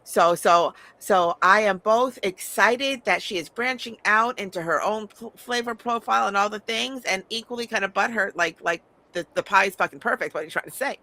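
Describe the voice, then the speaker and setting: A woman's voice: medium pitch, normal speed, hardly any pauses, pushed and bright. A middle-aged woman chatting casually as a podcast host, blunt and prone to swearing, stammering over repeated words and laughing often. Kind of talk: casual chat.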